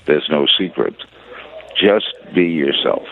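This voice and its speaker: Elderly male broadcaster guest, very low voice, anecdotal, phone-quality audio. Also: lively intonation. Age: 80s. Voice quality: very deep voice. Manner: unhurried anecdotal storyteller with frequent uh fillers. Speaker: interview guest, veteran broadcaster. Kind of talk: storytelling reminiscence. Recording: tinny phone-line audio.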